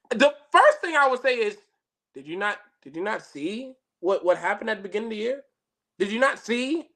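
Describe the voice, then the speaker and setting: A podcast co-host in casual sports chat, emphatic and rising to rhetorical outbursts, then dropping soft. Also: medium pitch. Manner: emphatic, rhetorical questions, swings loud and soft.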